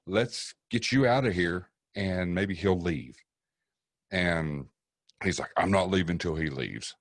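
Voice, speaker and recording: Very deep-voiced man. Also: measured pace, no room sound, clean studio sound. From East Tennessee. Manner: profane, vivid storyteller acting out quotes. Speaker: paranormal investigator guest. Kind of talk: casual storytelling on a podcast.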